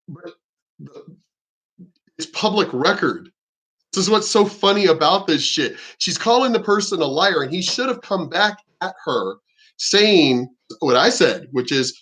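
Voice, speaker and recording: A man's voice: fairly high pitch, lively intonation, normal speed, a bit bright. Give me a heated, profane man ranting on a vlog. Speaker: vlogger. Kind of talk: casual rant.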